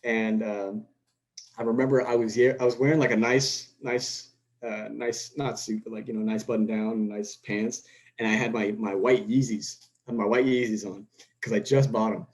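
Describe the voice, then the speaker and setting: A man's voice: lowish voice, steady tone, normal speed, low-quality recording. Young Houston man telling a rambling story. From Houston, Texas. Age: young adult. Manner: rambling with many restarts and quoted dialogue. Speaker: podcast guest. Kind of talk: casual storytelling chat.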